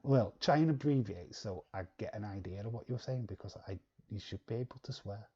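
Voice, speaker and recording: A man's voice: fairly low pitch, fairly quick, mellow, husky, muffled recording. Laid-back man streaming. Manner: chatty, blunt, laughs often. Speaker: live stream host. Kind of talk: casual chat reading viewer comments.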